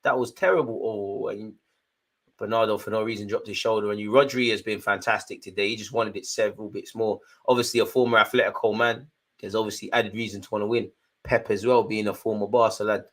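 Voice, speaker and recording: A young man hosting a live football watchalong, giving chatty, jokey running commentary full of slang, jumping between excited outbursts and low muttered asides. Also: brisk. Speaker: fan watchalong host.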